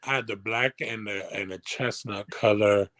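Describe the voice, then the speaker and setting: A man's voice: lowish voice, steady tone, normal speed, a bit bright, no echo. A man reminiscing in a casual chat, chiming in with short remarks and laughs.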